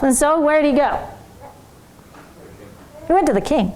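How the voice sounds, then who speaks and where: A tired woman teaching a Bible story in an animated, conversational way, asking her listeners questions. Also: sits high, unhurried, rough recording.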